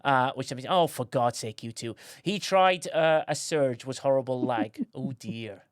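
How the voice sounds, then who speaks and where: A man's voice: medium pitch, a little slow, no echo, clean studio sound. A man hosting a casual live stream, joking sarcastically and reading out viewer comments. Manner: joking, sarcastic, reads chat aloud. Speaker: streamer host.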